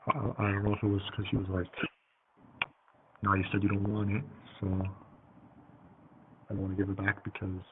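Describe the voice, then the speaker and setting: A man speaks in a completely flat, low-leaning voice, brisk yet broken by long pauses. He's telling a loose, rambling story full of fillers and swearing, captured on tinny, phone-like audio with faint hiss.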